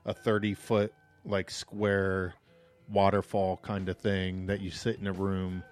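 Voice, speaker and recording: A man with a lowish voice banters on a podcast, teasing his co-host and filling his talk with "like." Soft music plays faintly in the background. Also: completely flat delivery, a little slow. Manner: teasing, chatty, lots of fillers like "like". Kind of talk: casual chat.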